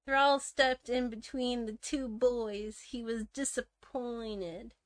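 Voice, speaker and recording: A woman with a fairly high voice reads a children's book slowly and plainly. She doesn't put on any character voices and keeps her delivery matter-of-fact. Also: steady tone. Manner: plain, unvoiced reading with chuckles. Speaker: co-host reading a children's book. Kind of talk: casual comic read-along.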